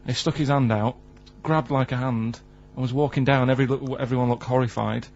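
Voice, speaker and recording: A man's voice: medium pitch, fairly even intonation, fairly quick, gravelly, darkish tone, slight background noise. Plain-spoken Mancunian man, lo-fi radio. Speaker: radio show regular. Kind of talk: casual radio banter.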